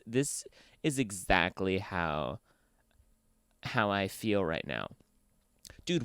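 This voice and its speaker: A man's voice: clear, resonant tone, dry recording, studio quality. A young man hosting his own podcast, ranting casually with lots of swearing, recorded in a basement. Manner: profane, ranting, swings from heated to low and mumbled. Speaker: podcast host. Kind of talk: casual solo podcast rant.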